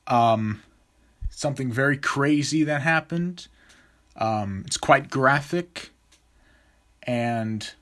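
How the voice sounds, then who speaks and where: A man's voice: mid-range voice, fairly bright tone. A young adult man telling a story from his school days in a casual, rambling way, full of fillers and restarts.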